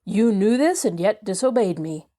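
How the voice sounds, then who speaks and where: A stern, angry father speaks in a clipped, slightly lowered voice, as a woman reads him aloud. The tone is dark and mellow, storybook-like. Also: animated, moderate pace, close to an everyday voice.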